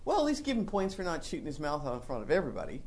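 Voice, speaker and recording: A woman preacher whose voice swoops up and down in lively pitch as she tells the story. She acts out scenes and dramatizes her points in an animated, expressive way, keeping the congregation with her. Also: racing. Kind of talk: sermon.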